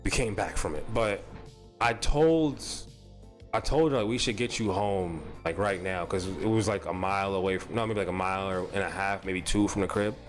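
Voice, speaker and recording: A man's voice: low voice, normal speed, faint music behind. A young man telling a rambling, profane story on a live stream, repeating himself as he goes. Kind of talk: casual storytelling.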